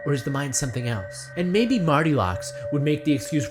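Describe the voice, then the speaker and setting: A man's voice: on the high side, big pitch swings, music in the background. A man delivering a rambling satirical monologue, speaking of himself in the third person and firing off rhetorical questions. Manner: acts out voices in quick asides. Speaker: comedy video essayist.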